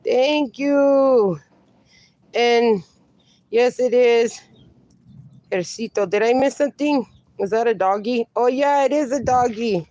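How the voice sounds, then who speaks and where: A woman hosts a relaxed phone livestream from her yard, drawling slowly and dotingly as she greets viewers and baby-talks her dogs. The sound is dry and close, with no room echo. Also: fairly high pitch. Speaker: livestream host. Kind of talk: casual livestream chat.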